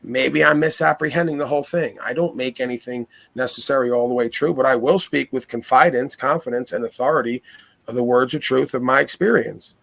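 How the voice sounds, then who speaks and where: A man's voice: medium pitch, fairly quick, gravelly, fairly bright tone. A man holds forth in casual conversation, sure of himself. He lectures, stacks up rhetorical questions and speaks with authority. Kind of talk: casual philosophical talk.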